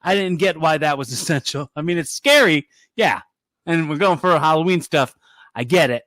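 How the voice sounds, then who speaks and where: Podcast co-host, male, high voice, lively casual banter, dry mic. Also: normal speed, no room sound. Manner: animated, breaks into high-pitched impressions. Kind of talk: casual wrestling chat.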